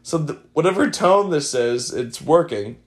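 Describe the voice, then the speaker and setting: A man's voice: a little high, expressive, a little slow. Rambling young man podcast host. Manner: rambling, filler-heavy, wry. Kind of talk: casual chat.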